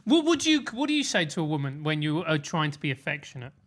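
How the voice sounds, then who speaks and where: A man's voice: fairly high pitch, big pitch swings, fast talker, a bit bright. A man co-hosting a podcast in casual comedic chat, rambling and laughing often. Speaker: podcast co-host.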